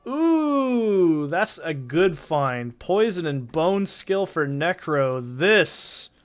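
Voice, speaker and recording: A man's voice: fairly high pitch, very animated, drawn-out words, clear, resonant tone, faint music behind. A man with a stuffy cold, casually rambling and swearing through gameplay commentary, heavy on "like" fillers. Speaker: gaming channel host.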